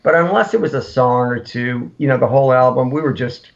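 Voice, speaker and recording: Brief: male guest, gravelly, rambling animated storyteller, dull lo-fi sound. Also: mid-range voice, fairly quick. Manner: rambling, animated anecdotes with acted-out quotes. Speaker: punk musician guest. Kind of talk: casual storytelling. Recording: lo-fi podcast audio.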